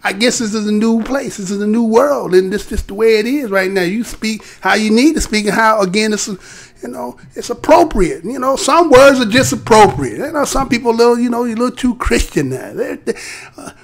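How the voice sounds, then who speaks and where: A man's voice: sits high, animated, a little fast, gravelly. A man hosting his own live show, talking to viewers in a rambling, profane, streetwise way and often tagging "right?" onto his points. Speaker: host of a live streamed show. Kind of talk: casual rant to a live chat.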